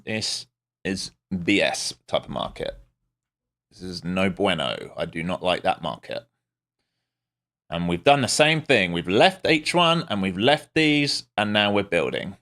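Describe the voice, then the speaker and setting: A man's voice: on the low side, sing-song, measured pace, pushed and bright. A man streaming live as a day trader, giving casual, wry commentary with muttered asides to his viewers.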